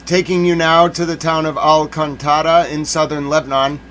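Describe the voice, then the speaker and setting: A man's voice: a little high, flat delivery, moderate pace, background noise. A man hosting a live news stream, chatting to viewers and repeating himself when anxious. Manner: anxious, repeats himself, greets chat by name. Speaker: livestream news commentary host.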